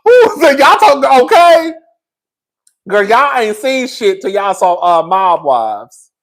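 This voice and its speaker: A man doing animated, profane reality-TV gossip commentary, sassy, laughing often and shouting out loud impressions, a little tipsy. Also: extremely high pitch, slow pace. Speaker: commentary host.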